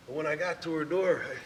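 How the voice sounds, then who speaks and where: Speaking in a fairly high voice, a man tells his own story in a heartfelt theater monologue, often chuckling. The stage recording is distant, with faint ambience and background noise.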